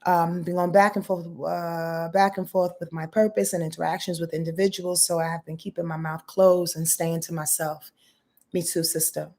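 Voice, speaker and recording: A woman's voice: lowish voice, level tone, moderate pace, warm tone. Profane, emphatic woman astrologer. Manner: profane, emphatic, talks straight to her viewers; reads out and answers viewer comments. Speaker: astrologer and channel host. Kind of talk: casual live astrology rundown.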